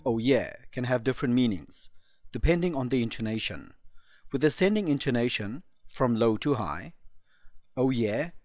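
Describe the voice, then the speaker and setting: A man presenting an English lesson for learners, explaining phrases slowly and clearly. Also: medium pitch, no room sound, clean studio sound. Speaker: English teacher. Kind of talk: scripted lesson narration.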